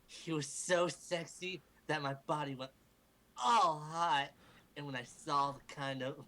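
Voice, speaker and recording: Reading fan fiction aloud to amuse a group, this man puts on a mock-dramatic tone, breaking off for jokes and swearing. His fairly high, sharp voice moves at a measured pace, captured in poor audio at home for a livestream.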